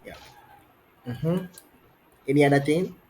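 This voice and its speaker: An encouraging male English tutor on a video call, drawing out a student with steady questions and repeated phrases. His voice has a husky, breathy edge at a middle pitch. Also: takes it slowly. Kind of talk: online trial lesson.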